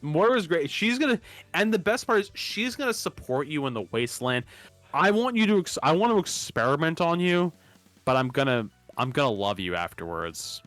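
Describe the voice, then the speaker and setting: A man's voice: on the high side, moderate pace, no room sound, faint music behind. A man co-hosting a live stream in casual chat, rambling and laughing often. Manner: rambling, animated, laughs often, restarts words. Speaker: streamer co-host.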